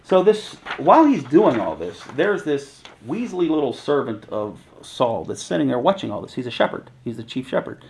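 A man with a gravelly edge to his voice leads a casual Bible teaching. He reads scripture passages aloud, then breaks them down in loose, everyday slang. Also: medium pitch, big pitch swings, normal speed, few pauses, darkish tone, a little hiss or hum, rough recording. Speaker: preacher.

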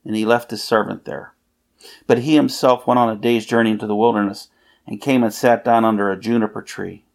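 A man delivers a sermon in a low, gravelly voice. He reads scripture with earnest emphasis, pausing on key phrases. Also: steady tone. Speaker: preacher.

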